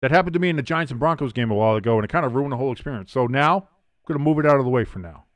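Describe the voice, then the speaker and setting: A man's voice: medium pitch, rapid-fire, no room sound. A young man hosting a watch-along stream, calling plays in a casual way, reading out viewer comments between plays, and jumping up in energy when something big happens. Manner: excitable, rising sharply on big plays.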